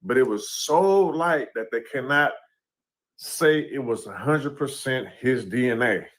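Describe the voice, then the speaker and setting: A man's voice: medium pitch, lively intonation, unhurried, a bit bright. Laid-back man talking through a case. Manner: talks it through loosely, "you know what I'm saying". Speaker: commentator in a played clip. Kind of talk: casual commentary on a court case.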